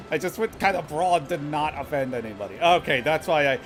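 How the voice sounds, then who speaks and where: A man's voice: a little high, lively intonation, a little fast, hardly any pauses, fairly bright tone. Sarcastic guy roasting a game on stream, swears a lot, voice all over the place, game music behind. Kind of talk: critical live gameplay commentary.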